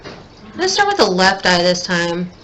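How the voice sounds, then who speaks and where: A woman's voice: fairly low pitch, big pitch swings, moderate pace, fairly bright tone, poor audio. A young woman chatting casually at home while doing her makeup, thinking aloud and putting herself down as she gets more and more frustrated. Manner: self-deprecating, increasingly frustrated, thinking aloud. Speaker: beauty vlogger. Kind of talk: casual makeup tutorial chat.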